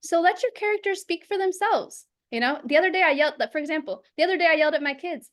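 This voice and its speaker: A woman teaching public speaking over a video call, lively and acting out examples in quoted voices. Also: very high voice, quick pace, few pauses. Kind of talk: instructional talk.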